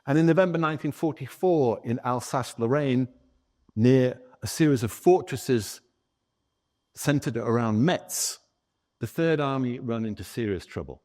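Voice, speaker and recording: A man giving a lively historical lecture as a guest author, telling a story and talking with the audience in the room. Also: medium pitch, moderate pace. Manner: animated storyteller, chatting with the audience.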